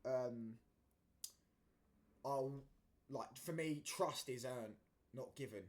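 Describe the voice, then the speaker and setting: A man rants about football as the host of his own talk show. His voice sits at an everyday middle pitch. He talks in a rambling way, stumbling over his words with fillers and restarts, and keeps flaring up into heated outbursts. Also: slow pace. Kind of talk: casual opinion rant.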